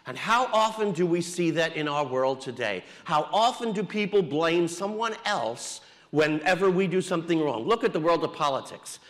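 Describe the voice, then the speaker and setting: A man's voice: on the high side, fairly bright tone, long reverb tail. Wry, conversational preaching man. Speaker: Catholic priest. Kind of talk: homily.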